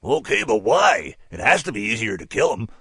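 A man's voice: fairly low pitch, very animated, moderate pace, vocal fry, fairly bright tone, slightly rough, no room sound, studio quality, exaggerated voice. A man reading a brash young male poker player in a story, speaking in a crude, sarcastic, needling way. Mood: mocking.

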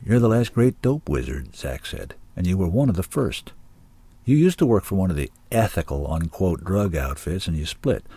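A man's voice: low voice, very animated, moderate pace, dark tone, slightly rough, no echo, exaggerated voice. A man voicing a blunt, wary young musician.

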